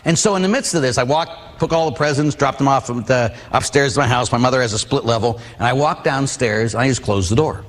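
Speaking a little fast at medium pitch and barely pausing, a middle-aged Catholic priest delivers his sermon. He mixes in personal stories and asks the listeners rhetorical questions. Long reverb from the hall fills the recording.

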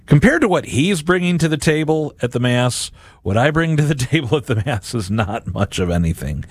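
A man's voice: mid-range voice, no room sound, clean studio sound. A middle-aged man, a radio and podcast host, giving a Catholic reflection on Scripture and acting out imagined voices in quotes.

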